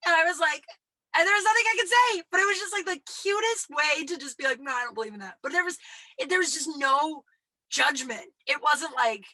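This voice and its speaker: A woman in her thirties with a deep voice, hosting a solo podcast in candid, rambling, sweary chat that often sinks to a whisper. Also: a little fast, pushed and bright, no room sound, poor audio. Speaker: podcast host.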